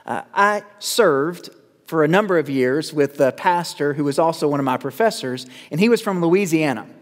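A male pastor preaching a sermon, measured with dramatic pauses, building to urgent calls. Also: fairly high pitch, lively intonation. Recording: long reverb of a church hall.

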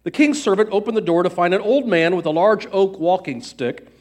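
A man narrating a fairy tale aloud in an even storytelling cadence. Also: high-pitched, a little fast.

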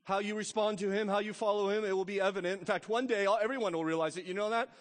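A pastor preaching a sermon, emphatic, swelling loud and then dropping to a hush. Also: male voice, sits high, fairly even intonation, fast talker. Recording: long reverb of a church hall.

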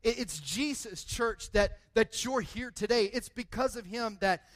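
A man preaching a sermon to his church, building from a quiet, conversational delivery to loud, emphatic passages with lots of repetition. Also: very high-pitched, unhurried, dry recording. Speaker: pastor.

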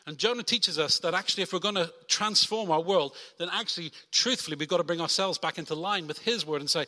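A man preaching a sermon from the front, animated and lively, acting out quoted voices. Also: high-pitched, fast, hardly any pauses. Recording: long hall reverb.

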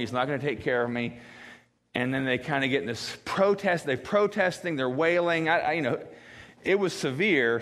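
Man preaching in a reverberant hall. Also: fairly bright tone. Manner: acts out quoted voices, wailing high and grave low. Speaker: pastor. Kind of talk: sermon. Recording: long reverb of a church hall.

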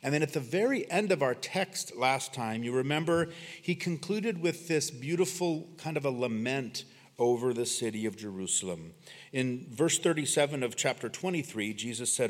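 A man preaching an expository sermon in an earnest way, reading scripture with dramatic pauses and letting phrase endings fall low. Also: animated. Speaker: pastor. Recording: long reverb of a church hall.

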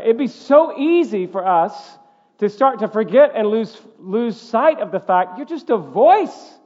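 High-voiced male preacher in reverberant hall. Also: animated, moderate pace. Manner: emphatic, repetitive preaching cadence. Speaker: pastor. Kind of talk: sermon. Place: church sanctuary. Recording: dull audio with long hall reverb.

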